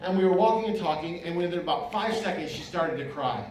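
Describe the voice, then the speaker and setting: A man's voice: high-pitched, animated, quick pace, very noisy. A man, a pastor and author, giving an impassioned inspirational speech with rhythmic repetition. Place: event venue. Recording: very echoey hall, mic far off.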